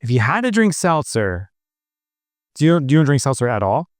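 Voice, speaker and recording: A middle-aged man from New Jersey co-hosting a podcast, chatting casually and telling animated stories. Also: medium pitch, moderate pace, no echo, studio quality. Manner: animated storyteller, mimics other people's voices. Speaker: podcast co-host. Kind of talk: casual chat.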